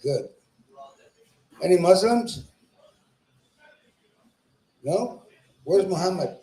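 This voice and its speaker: A man's voice: high-pitched, lively intonation, extremely slow, dark tone. Profane man doing stand-up in a club. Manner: crude, profane, teasing the audience; laughs at his own jokes. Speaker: stand-up comedian at an open mic. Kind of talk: stand-up with crowd work. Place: small comedy club. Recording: echoey club room.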